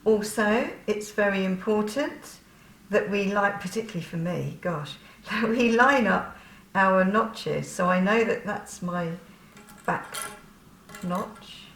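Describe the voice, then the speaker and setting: A woman's voice: mid-range voice, takes it slowly, fairly bright tone, echoey room, slight background noise. A woman chatting through a sewing tutorial, laughing often and poking fun at herself.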